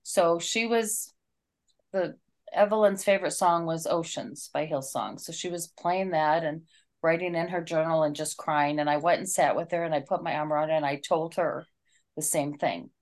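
A woman's voice: low-pitched, moderate pace. A woman co-hosting a casual talk, retelling a story in an earnest, heartfelt way.

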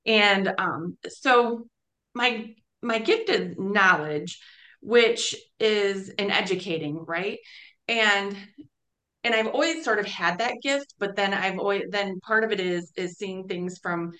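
Halting woman sharing in a group. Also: medium pitch, bright, forceful tone, low-quality recording. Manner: halting, with restarts and laughs. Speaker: fellowship group member.

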